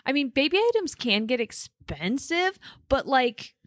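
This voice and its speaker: A woman's voice: high voice, very animated, a little slow, no echo, clean studio sound. A woman from the United States co-hosting a podcast, chatting casually and laughing often as she gives her opinions. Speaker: podcast co-host. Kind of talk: casual chat.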